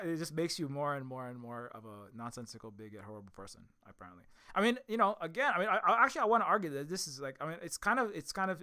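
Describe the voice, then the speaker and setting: A man giving a rambling, scornful opinion commentary, talking in an animated way and often restarting and repeating words. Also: a little high. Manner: scornful, mocking. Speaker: commentary video host.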